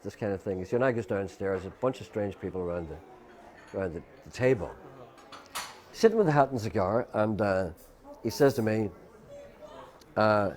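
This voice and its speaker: A man's voice: on the low side, sing-song, normal speed, pauses often, darkish tone. An older man with an Irish accent, a guest telling a long rambling anecdote and acting out what others said, with many fillers. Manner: rambling storyteller who acts out quoted voices, many fillers. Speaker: interview guest. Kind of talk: anecdotal storytelling.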